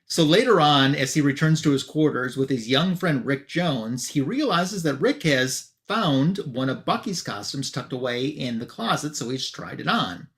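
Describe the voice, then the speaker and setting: A man casually summarizing a comic book issue for a review show, chatty with loose fillers and quick asides. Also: mid-range voice, animated, a bit bright.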